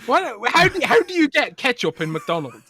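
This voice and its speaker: Bright, teasing British man. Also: very high-pitched, wildly swooping pitch, normal speed, dry recording, studio quality. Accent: British English. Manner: playful, teasing. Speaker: podcast co-host. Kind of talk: casual chat.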